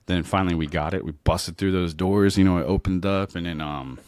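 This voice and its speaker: A man's voice: sits low, fairly quick, a little mellow, no room sound. A man in his thirties from New Orleans, telling stories from his life in a rambling way with many fillers and restarts. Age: 30s. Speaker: podcast host. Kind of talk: casual storytelling monologue.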